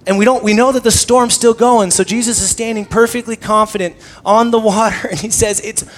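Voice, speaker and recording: A young man preaching a sermon conversationally, swinging between loud emphasis and hushed, intimate tones. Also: high-pitched, fairly even intonation, fairly quick. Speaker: pastor.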